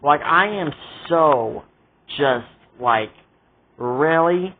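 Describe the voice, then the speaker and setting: A man's voice: fairly high pitch, expressive, takes it slowly, breathy edge. A man in a casual vlog rant, exasperated and indignant as he complains about a show. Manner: exasperated, indignant ranting with repeated asides. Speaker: vlogger reviewing a show. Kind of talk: casual ranting commentary. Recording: tinny phone-like audio.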